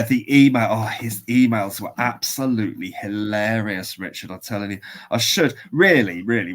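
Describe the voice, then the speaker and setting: A man, co-hosting a podcast and telling a rambling story with laughs and restarts. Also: low voice. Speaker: podcast co-host. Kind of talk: casual chat, storytelling.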